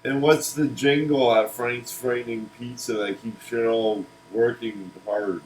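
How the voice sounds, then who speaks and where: Slow, rambling man. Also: medium pitch, fairly even intonation, a little mellow, slight background noise, rough recording. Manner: rambling, restarts words, laughs at own jokes. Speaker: presenter of a cartoon pitch. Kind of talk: casual comedic pitch chat.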